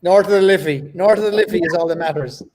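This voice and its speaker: A man's voice: sits high, fast talker, over a noisy crowd. A man with an Irish accent hosting a casual chat on a video call, jokey and full of banter. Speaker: host.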